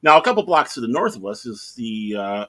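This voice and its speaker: A man's voice: medium pitch, sing-song, brisk, pushed and bright. A middle-aged man telling a long anecdote in casual chat, acting out the other people in the story in raised voices. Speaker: podcast co-host.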